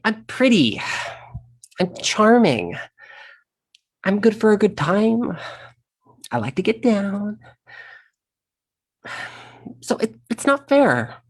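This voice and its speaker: A man playing a sassy, husky trapped insect. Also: high-pitched, fairly bright tone, exaggerated voice. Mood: indignant. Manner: sassy, brash, addresses the audience directly. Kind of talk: one-man stage monologue streamed online.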